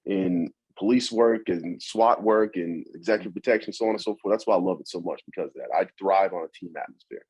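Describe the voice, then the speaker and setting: A middle-aged man, a podcast guest, talking in quick casual conversation with frequent restarts. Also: low-pitched, a little mellow, slightly rough, low-quality recording.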